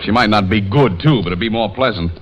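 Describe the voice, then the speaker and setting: A man hosting a 1930s radio comedy with quick, playful wisecracks. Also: on the low side, lo-fi sound. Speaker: host.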